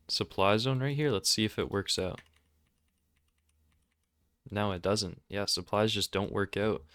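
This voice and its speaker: The man behind a trading video gives loose commentary on his screen, getting worked up and mocking himself sarcastically. His voice, smooth and somewhat low, comes through a close mic with a dry, deadened quality and no echo.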